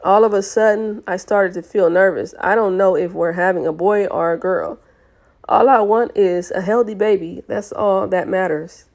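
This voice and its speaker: A woman's voice: mid-range voice, steady tone, moderate pace, a little mellow. A woman casually reading a novel aloud, stumbling over words and correcting herself with laughing apologies to her listeners. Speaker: audiobook reader of fan fiction.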